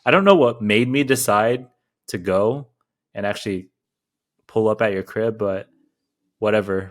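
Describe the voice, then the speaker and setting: Chill twenties guy on a podcast, lowish voice, lots of slang and swearing. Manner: laid-back storyteller, heavy slang and swearing, frequent laughter. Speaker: podcast co-host. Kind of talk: casual chat.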